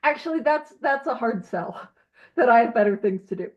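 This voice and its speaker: A woman leading a recovery study over a video call, animated and self-teasing, asking question after question. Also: a little high, normal speed, lo-fi sound.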